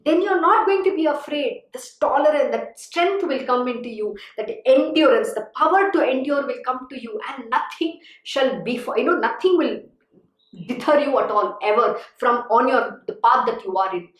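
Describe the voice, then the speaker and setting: A woman's voice: sits high, animated, moderate pace. A woman spiritual teacher giving a devotional discourse, earnest and exhorting, often saying "you know". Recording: echoey room.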